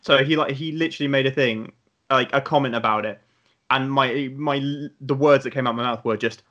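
A man's voice: mid-range voice, brisk, fairly bright tone, muffled recording. A young man from Britain in casual podcast chat, rambling and drifting off on tangents. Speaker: podcast co-host.

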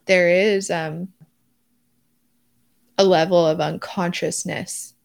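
A woman's voice: on the low side, steady tone, slow pace, vocal fry. A young woman co-hosting a podcast, talking casually in an effusive, rambling way full of restarts. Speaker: podcast co-host. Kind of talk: casual chat.

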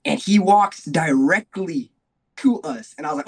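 A man's voice: a little high, unhurried, husky. A man from New Mexico, a guest evangelist, telling his story in a loose, casual way with fillers. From Albuquerque, New Mexico, US.

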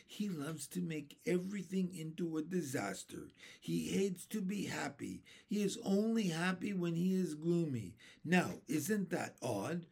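A gentle female ladybug speaks in a confiding tone, as a man puts her on while reading. The storybook voice is high and sing-song. It moves at an unhurried pace. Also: animated, vocal fry, husky, full character voice.

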